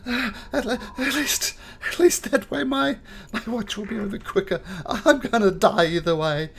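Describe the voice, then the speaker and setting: A sobbing, terrified drow soldier. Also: male voice, moderate pace, slight background noise. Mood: despairing. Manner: high wailing, breaking into sobs.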